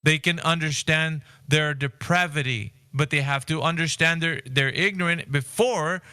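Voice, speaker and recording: A man hosting an online voice chat, talking earnestly and circling back with lots of restarts. His voice is bright and crisp, sitting a bit high for a man, and the sound is dry and close on a headset-style mic. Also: moderate pace, dry recording. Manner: earnest, rambling with many restarts. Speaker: Discord voice chat host. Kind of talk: casual debate chat.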